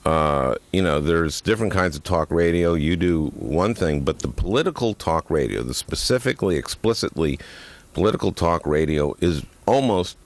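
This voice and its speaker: Deep-voiced man telling deadpan jokes. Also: moderate pace. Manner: dry, deadpan jokes, stumbling restarts. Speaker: author and radio talk-show guest. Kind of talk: comic radio interview.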